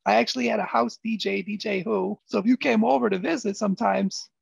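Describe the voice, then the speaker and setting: Gravelly husky guy from michigan, pretty high voice, kinda dull lo-fi audio, just rambling thru his story. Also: a little fast, dry recording. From Flint, Michigan. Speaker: podcast guest. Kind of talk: casual interview storytelling. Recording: dull lo-fi sound.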